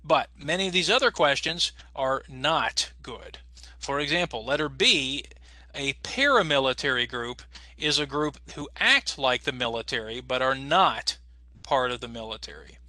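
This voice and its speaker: A man teaching an English as a second language class over a video call, explaining patiently and slowly with lots of fillers. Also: mid-range voice, expressive, sharp tone, dry recording. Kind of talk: online class instruction.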